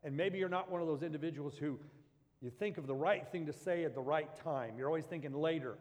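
Rambling pastor preaching in a reverberant hall. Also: male voice, on the high side, fairly quick, a little mellow. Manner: conversational, rambling storytelling with restarts. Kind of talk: sermon.

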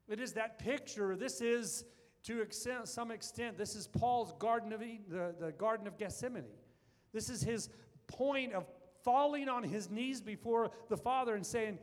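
Man, pastor, high voice, earnest sermon, echoing large hall. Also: moderate pace. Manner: earnest preaching, building to fervent emphasis. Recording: long reverb of a large hall.

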